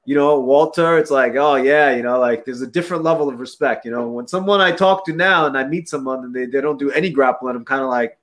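A man's voice: medium pitch, fast, hardly any pauses, fairly bright tone. A young adult man hosting a casual chat, laid-back and slangy, laughing often. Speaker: podcast host.

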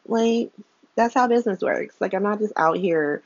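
A woman's voice: mid-range voice, lively intonation, normal speed, dry recording, lo-fi sound. A woman casually recapping a soap opera episode from home, candid and exasperated, swearing and peppering her talk with "like". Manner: candid, exasperated, profane, lots of "like". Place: home room by a window.

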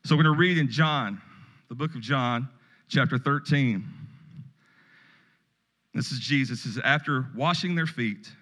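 A man's voice: medium pitch, unhurried, long pauses, fairly bright tone. A middle-aged male pastor giving a sermon in a folksy, conversational way, with storytelling asides. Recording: long reverb of a hall.

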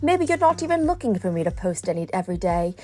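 A woman's voice: on the low side, sing-song, fast, dark tone. A middle-aged woman talking playfully and teasing herself in a personal vlog, chatting straight to her viewers. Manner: playful, self-mocking, talks straight to viewers. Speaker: vlogger.

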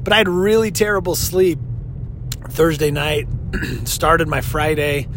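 A man in his thirties hosting a solo podcast as a life coach, talking casually in an earnest, reflective way with pauses and restarts. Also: fairly high pitch, fairly even intonation, background noise.

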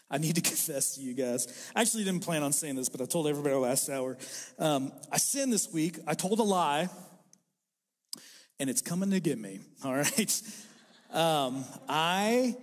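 A male pastor preaching a sermon in a church, mixing self-deprecating jokes with his message. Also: a little high. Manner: self-deprecating, joking storyteller. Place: church sanctuary. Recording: reverberant hall.

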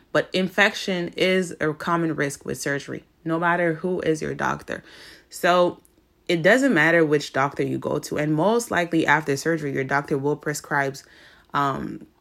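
A woman's voice: sits low, creaky, a bit bright. A young woman hosting a podcast, chatting casually and emotionally, with lots of fillers. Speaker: podcast host sharing her experience. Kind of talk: casual chat.

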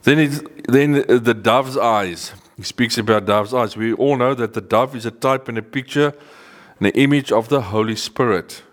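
A man delivers a Bible teaching to people seated in front of him. He speaks earnestly at a middle pitch and leans hard on the words he wants to land, slowing them down for emphasis. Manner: earnest, emphatic, slows down to stress key words. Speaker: preacher. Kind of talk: sermon teaching to a live group. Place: meeting room with a seated audience.

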